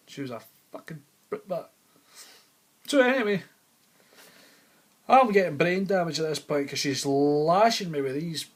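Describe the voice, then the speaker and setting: Animated, high-voiced storytelling comedian man. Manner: swearing, animated storytelling with sudden loud bursts. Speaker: stand-up comedian. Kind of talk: comic storytelling.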